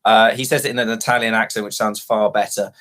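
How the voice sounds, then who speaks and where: A man's voice: on the low side, level tone, fast, a bit bright. A man, a guild founder chatting casually on a livestream, rambling and self-deprecating with many ums. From England.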